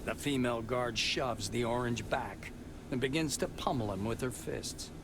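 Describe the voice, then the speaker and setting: A man reading scripted narration for a video game in an even, descriptive voice. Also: medium pitch, normal speed, noisy background, lightly acted.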